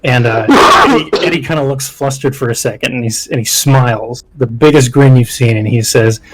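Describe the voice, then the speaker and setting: A man's voice: mid-range voice, a little fast, soft background music, rough recording. A man narrating as game master, rambling with lots of fillers.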